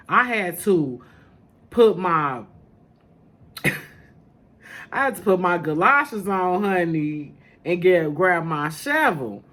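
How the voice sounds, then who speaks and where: A woman with a somewhat bright voice on the low side hosts a spiritual podcast. As a spiritual teacher talking casually to camera, she is sassy and familiar, calling listeners honey and baby.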